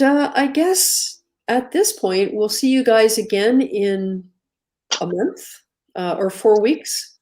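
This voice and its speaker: A woman hosts a casual live stream at a middle pitch. She talks in an easygoing, chatty way and thanks the people who came. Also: darkish tone.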